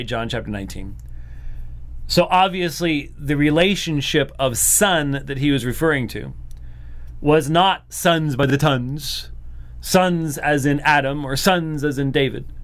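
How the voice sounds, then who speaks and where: Commentator: man, slightly high voice, incredulous and animated, picking apart a lecture. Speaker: Christian apologist commentator.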